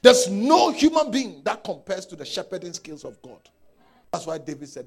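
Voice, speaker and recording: High gravelly preacher man, husky and lively. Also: moderate pace. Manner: emphatic, repeats lines for stress, swings from shouts to low murmurs. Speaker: pastor. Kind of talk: sermon.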